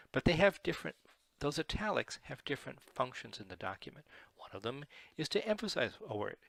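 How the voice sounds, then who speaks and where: Gravelly, bright-voiced man explaining software. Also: medium pitch, no echo. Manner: chatty and digressive, with fillers and self-corrections. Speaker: software tutorial host. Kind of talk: casual screen-share tutorial.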